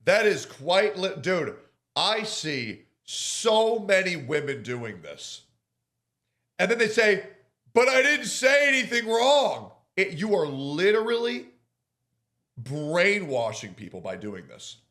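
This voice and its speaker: Slow, animated streamer reacting. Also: male voice, a little high. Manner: blunt, slangy, interjecting. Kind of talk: reaction commentary.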